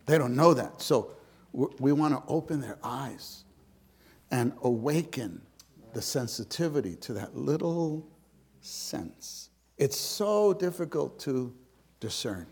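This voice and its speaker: Slow-speaking man, hushed and emphatic. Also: medium pitch, animated, breathy edge. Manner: swings from loud emphasis to hushed near-whispers; repetitive, conversational, with restarts. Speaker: church speaker. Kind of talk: informal sermon to fellow believers.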